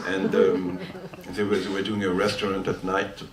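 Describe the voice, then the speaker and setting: A man's voice: deep voice, monotone, normal speed. An older man from France with a French accent, a guitarist telling a long, rambling anecdote between songs on stage. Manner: chatty, rambling, often laughing as he tells it. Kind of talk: storytelling between songs at a concert. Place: listening hall before a live audience. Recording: roomy hall sound from far off, faint noise.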